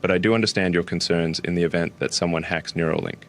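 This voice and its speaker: A man playing a smug, careless tech billionaire in a comedic interview sketch, speaking in a flat, offhand deadpan. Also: low-pitched, fast talker, slight background noise.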